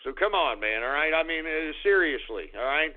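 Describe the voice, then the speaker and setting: A man hosting a radio show in a comedic on-air rant, excitable and profane, swinging between muttering and shouting. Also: a little high, moderate pace. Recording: tinny phone-like audio.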